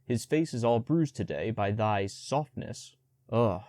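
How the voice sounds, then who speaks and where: A man's voice: on the low side, lively intonation, a little slow, warm tone, no echo. A man voicing a proud male black panther in a storybook audiobook, speaking in a dry, mocking, old-fashioned way.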